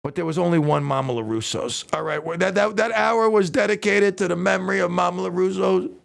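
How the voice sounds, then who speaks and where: A man hosting a radio talk show, rambling excitedly and stumbling over his words. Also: high voice, a little fast, creaky.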